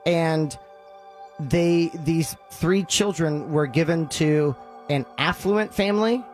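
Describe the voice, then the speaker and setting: Animated man telling a story. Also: fairly high pitch, slow, faint music behind. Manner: animated retelling, with filler ums and uhs. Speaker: podcast host telling a story. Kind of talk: casual storytelling among friends.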